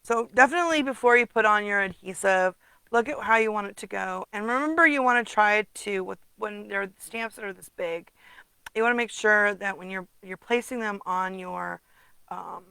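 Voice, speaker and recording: A woman's voice: mid-range voice, normal speed, vocal fry, sharp tone, smooth, no echo, low-quality recording. A woman casually demonstrating card making at her desk, chatty, humming to herself and muttering asides. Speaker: craft demonstrator.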